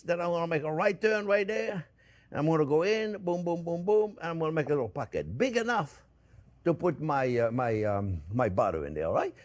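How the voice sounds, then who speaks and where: A man hosting a home cooking demonstration, chatting to viewers as friends and often repeating himself as he shows each step. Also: sits high. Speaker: cooking show host.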